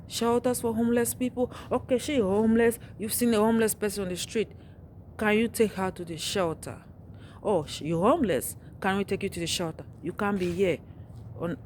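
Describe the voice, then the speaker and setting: A woman vlogging outdoors on a dark street at night, ranting in an agitated, repetitive way as she walks, with passing traffic behind her. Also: medium pitch. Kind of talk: angry street vlog rant.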